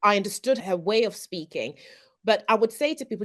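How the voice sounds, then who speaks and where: A woman on a casual podcast panel talks briskly in an expressive, mid-range voice. She's earnest, keeps restarting her sentences, and stresses key words.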